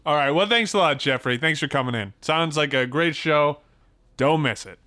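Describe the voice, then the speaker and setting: A man's voice: a little high, expressive, normal speed, sharp tone, no echo. A man playing a polite, patient radio host. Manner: polite, patient, hesitant with fillers. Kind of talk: comedy sketch acting. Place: radio studio.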